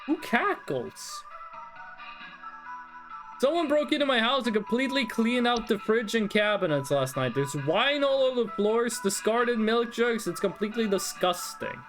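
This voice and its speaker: Animated streamer thinking aloud. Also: medium pitch. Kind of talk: live game stream commentary.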